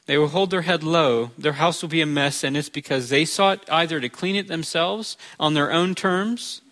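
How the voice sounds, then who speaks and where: A man's voice: a little high, normal speed, a bit bright. A male pastor preaching a sermon in a conversational way, with touches of humor.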